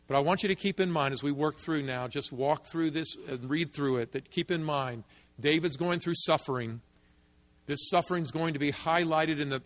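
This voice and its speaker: A man preaching in a church sanctuary, his slightly high voice carrying through a long, echoing reverb. He speaks with emphasis and swells into fervent peaks whenever he reads scripture aloud. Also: a bit bright. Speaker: pastor. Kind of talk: sermon. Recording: long reverb of a large hall.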